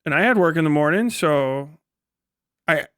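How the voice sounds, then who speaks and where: A man's voice: on the high side, animated, normal speed, fairly bright tone, clear, resonant tone, dry recording, studio quality. A man voicing a drowsy, easygoing male pub regular in a put-on Scottish accent, telling a long, meandering story. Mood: rambling.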